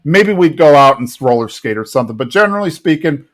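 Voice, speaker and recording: A man's voice: on the high side, animated, fast talker. Man casually recapping a cartoon episode. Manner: rambling, acts out lines in funny voices. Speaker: podcast co-host.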